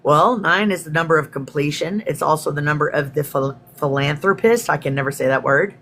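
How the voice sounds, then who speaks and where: A woman's voice: low voice, fairly quick, a bit bright. Lady rambling through a live stream, chatty, says hi to folks in chat, a little hiss in the background. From Texas. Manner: chatty and rambling, greets viewers by name. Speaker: spiritual teacher hosting a livestream. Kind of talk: casual livestream talk.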